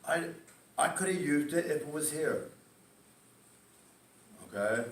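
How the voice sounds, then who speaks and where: Recorded from a distance in an echoey hall, a man with a fairly high pitch speaks slowly and emotionally while testifying at a community meeting, driving his points home with a repeated "okay?".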